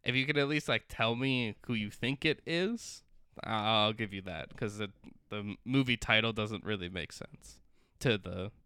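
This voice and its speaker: A man's voice: fairly low pitch, moderate pace, pushed and bright, clean tone, no echo, clean studio sound. A young man co-hosting a podcast, chatting casually and hesitating with lots of fillers. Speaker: podcast co-host. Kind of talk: casual chat.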